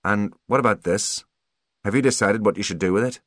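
A man's voice: lowish voice, brisk, fairly bright tone, no room sound, clean studio sound, lightly acted. A man playing a loyal, alert bodyguard. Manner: alert, protective, practical. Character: loyal, watchful adult male bodyguard. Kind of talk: audiobook character voice.

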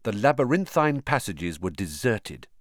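Brief: expressive male audiobook narrator, low and animated, dry booth sound. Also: unhurried, dry recording. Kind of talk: scripted narration.

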